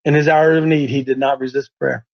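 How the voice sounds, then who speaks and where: A man hosting a faith talk show, telling a story in an animated, stumbling, repetitive way. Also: mid-range voice, fairly quick, creaky, highs cut off. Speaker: host.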